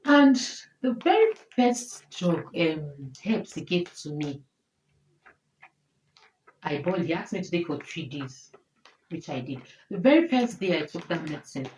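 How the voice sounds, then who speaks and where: A woman's voice: fairly low pitch, big pitch swings, a little slow, darkish tone. A woman in her thirties with a Nigerian accent, talking emotionally and repeating herself as she tells viewers about her health in a personal vlog. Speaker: vlogger. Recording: echoey room, faint noise.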